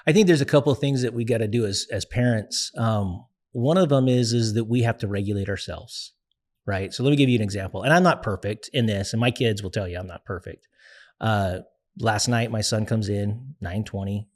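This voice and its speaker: A man's voice: on the low side, a little fast, darkish tone. A middle-aged man speaking earnestly as an interview guest, telling stories and acting out quoted dialogue. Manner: earnest storyteller, acts out quoted family dialogue. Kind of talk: interview conversation.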